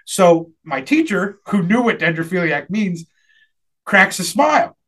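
A high-voiced man tells a long comic story in a loose, chatty way. He laughs often and slips into the voices of the people he quotes. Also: big pitch swings, a little slow, a bit bright. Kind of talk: casual storytelling chat.

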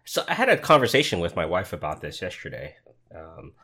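A man's voice: deep voice, sing-song, brisk, sharp tone, slightly rough. A man co-hosting a podcast in casual chat, thinking aloud and often restarting his sentences. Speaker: podcast co-host.

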